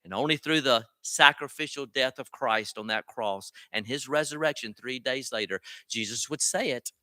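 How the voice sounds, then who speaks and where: A man's voice: mid-range voice, moderate pace, bright, forceful tone, dry recording. A man preaching a sermon as a pastor, earnest and direct, often asking his listeners rhetorical questions.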